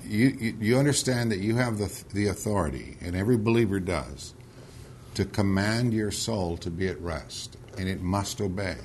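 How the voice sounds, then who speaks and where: A man with a fairly low voice leads a Bible study, reading scripture aloud and then pressing his point with urgency. He often restarts and repeats words when he gets insistent. A faint hiss of background noise sits under the recording. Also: moderate pace, darkish tone. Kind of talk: scripture reading and heated discussion.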